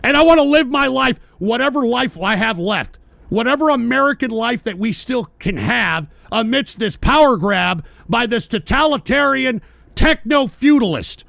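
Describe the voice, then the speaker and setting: High-pitched gravelly ranting man. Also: expressive, unhurried, no echo. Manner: profane, ranting, often shouting. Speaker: radio show host. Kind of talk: angry political rant.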